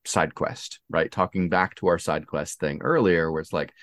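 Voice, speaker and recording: A man's voice: deep voice, moderate pace, no echo. A man hosting a casual interview about tabletop games, agreeing often and plugging a campaign. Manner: relaxed, affirming, plugs a crowdfunding campaign. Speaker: podcast host.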